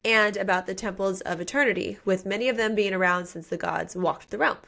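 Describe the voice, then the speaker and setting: A woman's voice: medium pitch, a little fast, gravelly, a bit bright. A woman co-hosting a book podcast, recapping the plot in a chatty, slangy, playful way. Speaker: podcast co-host. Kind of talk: casual book recap chat.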